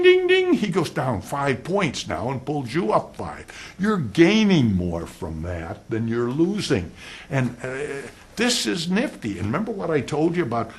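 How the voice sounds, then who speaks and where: An older man giving an animated law lecture on cross-examination, acting out both roles and swinging between loud and soft. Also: mid-range voice. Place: lecture hall.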